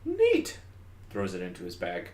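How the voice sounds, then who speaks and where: Low-voiced man playing a tabletop game. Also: measured pace. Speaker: player. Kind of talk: tabletop role-play. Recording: echoey room.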